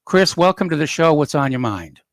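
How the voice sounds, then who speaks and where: A man hosting a call-in radio show, reading news items and adding opinionated asides in an unhurried, conversational way. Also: fairly high pitch, expressive, dry recording. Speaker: radio talk show host.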